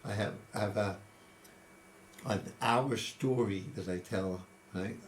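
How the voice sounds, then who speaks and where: A man in his eighties with a lowish voice tells long personal stories. He talks in a reflective, conversational way, often restarting a phrase before carrying on. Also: takes it slowly, a little hiss or hum. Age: 80s. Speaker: interviewee. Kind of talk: casual storytelling.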